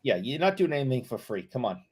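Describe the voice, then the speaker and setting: A man's voice: medium pitch, very animated, quick pace, darkish tone, slightly rough. A man co-hosting a podcast in casual chat, bantering and joking.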